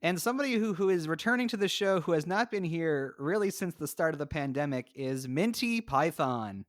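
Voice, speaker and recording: A man's voice: on the high side, lively intonation, brisk, no echo, studio quality. A man hosting a casual podcast from home, chatty, introducing guests with rambling asides. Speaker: podcast host. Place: home, recording remotely.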